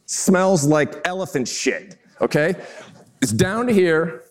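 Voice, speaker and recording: A man in his fifties giving a storytelling talk to business leaders, animated and self-mocking as he acts out scenes. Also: on the high side, slow. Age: 50s. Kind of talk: keynote-style storytelling talk.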